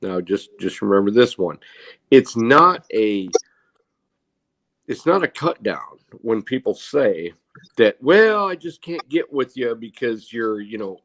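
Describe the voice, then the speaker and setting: A middle-aged man on an online panel who gives measured advice from long work experience. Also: medium pitch, sing-song, a bit bright, no echo. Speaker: panel guest. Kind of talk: casual chat.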